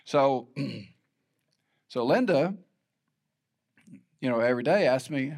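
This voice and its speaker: A man's voice: mid-range voice, animated, takes it slowly, pauses often, a little mellow. A middle-aged man preaching a sermon in a conversational, storytelling way with self-deprecating humor. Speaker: pastor.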